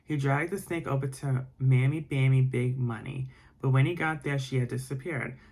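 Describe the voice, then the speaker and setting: A man reading a bedtime story aloud in ASMR style, with soft, rambling asides. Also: medium pitch, fairly even intonation, normal speed.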